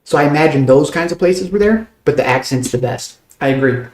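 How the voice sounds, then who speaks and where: A young American man, chatting casually and fast with stream viewers, loose and a bit profane. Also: a little high, animated. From United States. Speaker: game streamer. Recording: roomy echo.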